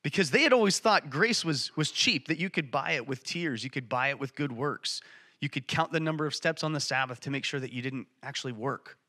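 A man's voice: mid-range voice, animated, fairly quick, sharp tone. A man preaching a sermon in church, telling a Bible story with passion and emphasis. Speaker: church speaker.

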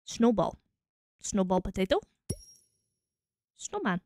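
A Scottish woman with a mid-range voice and big pitch swings takes it slowly while streaming a game, musing casually and trying combinations out loud.

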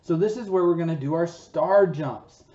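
A man coaching a home PE workout in his basement. He sounds upbeat and encouraging and ends most sentences with a quick "okay?" or "all right?". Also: a little high, dark tone. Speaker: PE teacher. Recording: echoey basement, slightly dull sound.

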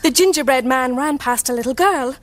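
A woman telling a children's story aloud in a lively, expressive way for a young audience. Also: sits high, fairly quick, dry recording, natural voice.

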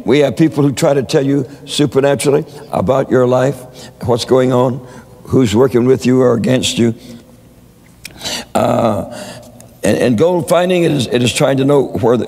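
A man's voice: medium pitch, expressive, moderate pace, vocal fry, a little mellow, big-room sound. A man preaching a sermon, telling stories with many stammered repeats. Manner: storytelling with frequent stammered repeats.

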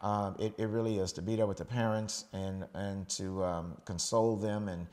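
A middle-aged man from the United States preaches in a loose, conversational style. His voice sits slightly low, and he often pauses to ask "okay?" and restarts his sentences as he talks through a scripture passage. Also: fairly even intonation, a little mellow. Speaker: pastor. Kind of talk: sermon.

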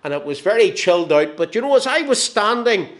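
A man in his sixties with a Northern Irish accent, preaching a sermon. He tells stories with gentle humour and lets his phrases fall soft and slow at the ends. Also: high-pitched, big pitch swings. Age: 60s.

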